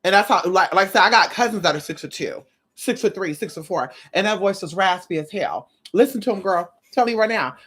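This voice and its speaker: A woman's voice: mid-range voice, brisk, breathy edge. A woman with a slight lisp giving sassy, casual reaction commentary, talking straight to the viewer. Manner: sassy, animated, drawls "girl". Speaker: commentary host.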